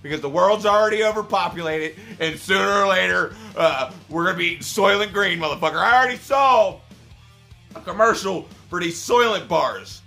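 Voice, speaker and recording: A man ranting in a video, swearing heavily and swinging between angry shouting and low, exasperated muttering. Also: moderate pace, creaky, soft background music. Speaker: YouTuber. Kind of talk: profane rant video.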